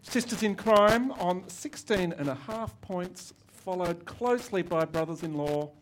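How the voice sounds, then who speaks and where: A man's voice: high voice, a little slow, a little hiss or hum. A man keeping score on a radio quiz, reading the totals with dry teasing. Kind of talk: live quiz panel banter. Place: radio studio with live audience.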